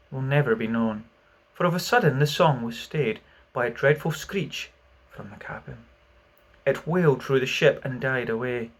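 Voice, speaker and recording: A man reads a children's classic aloud as an audiobook. His narration is expressive and mid-pitched, and it falls quiet between the acted lines. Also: normal speed. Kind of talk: audiobook reading.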